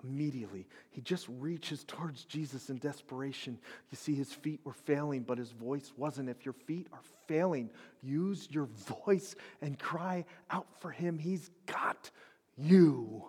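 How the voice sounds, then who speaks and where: Male preacher, high pitch, whisper-to-shout sermon dynamics, long church-hall reverb. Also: a little slow, slightly rough. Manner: swings from hushed whispers to loud shouted climaxes. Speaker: pastor.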